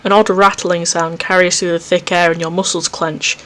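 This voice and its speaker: A man's voice: high-pitched, level tone, moderate pace, sharp tone. A man hosting a let's play from home, reading a visual novel aloud and cutting in with jumpy, self-mocking asides. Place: home recording setup.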